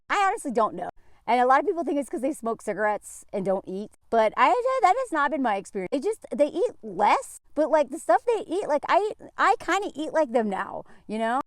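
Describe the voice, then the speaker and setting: American woman vlogging, laughs a lot, kinda high voice, dry close sound. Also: no room sound. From United States. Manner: chatty, laughs often, mimics people in asides. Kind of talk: casual chat.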